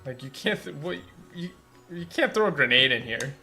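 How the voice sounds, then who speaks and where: A man's voice: on the high side, animated, moderate pace, sharp tone, faint music behind. A man commenting on a game's translation in a rambling, incredulous way, full of fillers. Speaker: gameplay commentator. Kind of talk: game localization commentary.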